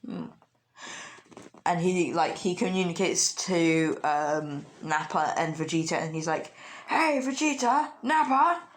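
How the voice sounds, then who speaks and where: A woman's voice: low voice, steady tone, unhurried. A woman casually retelling a fan story, rambling with lots of fillers and giggles.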